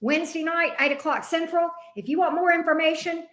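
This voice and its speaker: A middle-aged woman with a Southern US accent, hosting a tarot livestream and greeting viewers by name with lively energy. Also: very high-pitched, a little fast. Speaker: tarot reader, livestream host. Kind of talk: casual livestream chat.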